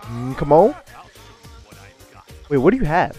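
A young man giving excitable gameplay commentary and trash-talking his opponent. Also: a little high, measured pace, pauses often, husky, soft background music. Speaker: gaming YouTuber.

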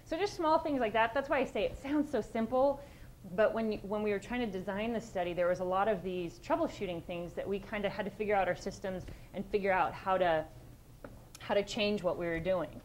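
A woman's voice: mid-range voice, brisk, a little hiss or hum, rough recording. A woman police sergeant giving a conversational conference presentation, direct and plain-spoken, with frequent restarts.

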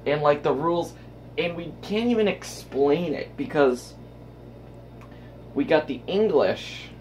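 A man's voice: fairly high pitch, lively intonation, slow, darkish tone, slight background noise. A young man vlogging at home into his phone, rambling from topic to topic and talking to himself. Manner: rambling, self-talking, jumps between topics. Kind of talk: casual rambling vlog. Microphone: handheld phone.

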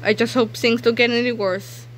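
A woman's voice: on the high side, fairly even intonation, moderate pace, slight background noise, lightly acted, rough recording. Woman voicing a jittery young schoolboy. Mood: glum. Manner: breathless stammering cries. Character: nervous excitable young schoolboy.

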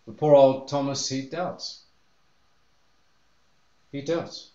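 A man's voice: mid-range voice, slow, mellow, echoey room, highs cut off. A man preaching a sermon as pastor, earnest and telling the story with feeling. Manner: earnest, acts out the disciples' voices in quotes.

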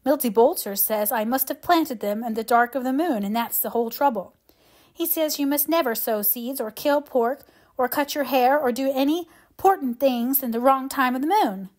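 A woman voicing an eager, excitable little boy who loves mud. She gives him a chatty, boastful delivery in a higher boyish pitch. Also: normal speed, close to an everyday voice.

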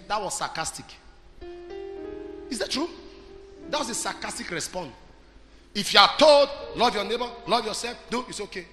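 A Nigerian-accented male preacher with a high, very lively voice that leaps from shouting to near-murmuring. His sermon rings through a big hall with a long echo, and music plays underneath. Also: normal speed, long pauses. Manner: swings from shouting to soft storytelling, asks the crowd questions. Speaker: pastor. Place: church hall. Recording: large hall with reverb and music behind.

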